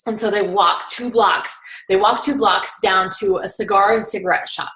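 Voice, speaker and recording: A woman's voice: mid-range voice, fairly even intonation, moderate pace, fairly bright tone. A young woman telling a story in a casual chatty way, full of filler words. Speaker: guest recapping a seminar. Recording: roomy echo.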